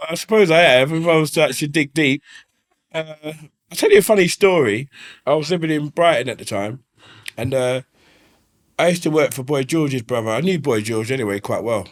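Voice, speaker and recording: A man's voice: on the high side, animated, moderate pace. A man, telling stories in a casual interview, swearing freely and often asking "you know what I mean". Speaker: interview guest. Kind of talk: casual storytelling. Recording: slightly faulty audio.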